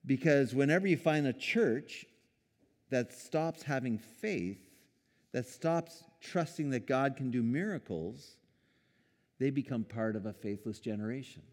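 A man preaching a sermon in a casual, conversational way, lively when quoting and quick to chuckle. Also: medium pitch, big-room sound. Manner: conversational, animated when quoting, with small laughs and restarts. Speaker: pastor.

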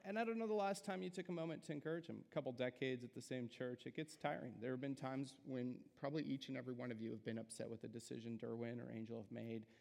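A man's voice: mid-range voice, steady tone, fast, creaky, hardly any pauses, darkish tone. A young adult man giving a guest sermon in a church, casual and self-deprecating, with plenty of filler words. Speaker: guest preacher. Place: church sanctuary. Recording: church hall with long reverb.

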